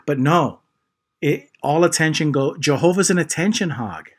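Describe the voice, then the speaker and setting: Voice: mid-range voice, animated, normal speed. A host in a casual chat who makes emphatic points and keeps the conversation moving. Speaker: channel host.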